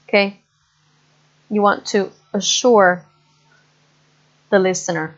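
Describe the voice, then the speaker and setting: A woman giving an online English lecture, explaining slowly with many fillers and frequent checks for understanding. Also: mid-range voice. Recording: muffled lo-fi recording.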